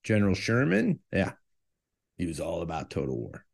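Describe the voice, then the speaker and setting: A man's voice: low-pitched, wildly swooping pitch, normal speed, creaky. A man hosting a history podcast, talking casually and jokingly about his subject. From United States. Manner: jokey, conversational, self-aware. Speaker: podcast host.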